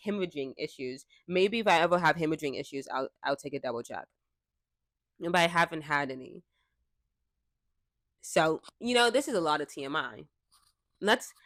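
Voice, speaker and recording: A young woman vlogging to a camera she has set in place, chatting in a frank, candid way and laughing easily. Her voice sits at an ordinary pitch for a woman. The sound is dry, with no room echo. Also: a bit bright. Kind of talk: casual talk to camera. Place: indoors, seated before a fixed camera. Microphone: camera mic.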